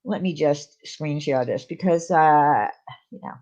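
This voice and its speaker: A woman's voice: low voice, a little slow, mellow, muffled recording. A woman hosting a casual livestream, talking in a rambling way with lots of fillers and restarts. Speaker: channel host.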